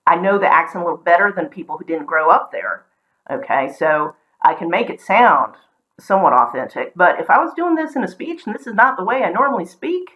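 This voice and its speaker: A woman's voice: lowish voice, sing-song, fairly quick, a bit bright, low-quality recording. A woman from the American South with a North Carolina accent, talking casually with many ums and restarts. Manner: rambling, frequent ums and restarts. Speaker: vlogger. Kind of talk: casual explanatory talk.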